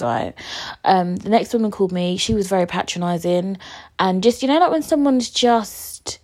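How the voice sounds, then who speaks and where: Lively woman telling a story. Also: mid-range voice. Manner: animated, slangy, acts out conversations. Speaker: podcast host. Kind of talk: casual storytelling.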